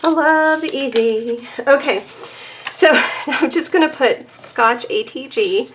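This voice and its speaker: A woman's voice: fairly high pitch, takes it slowly, fairly bright tone, a little hiss or hum. A chatty, self-deprecating woman giving a casual papercraft tutorial, laughing often and a little out of breath. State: a bit out of breath. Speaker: papercraft demonstrator.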